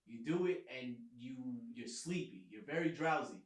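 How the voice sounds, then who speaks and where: A man's voice: medium pitch, animated, moderate pace. A man on a podcast casually telling a laid-back story and laughing along with it. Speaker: podcast co-host. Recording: roomy echo.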